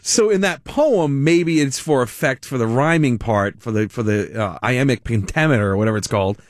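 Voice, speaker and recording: A man's voice: medium pitch, expressive, moderate pace, dry recording, studio quality. A man hosting a radio talk show, chatting casually and telling rambling, self-interrupting stories with amusement. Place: radio studio. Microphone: studio microphone.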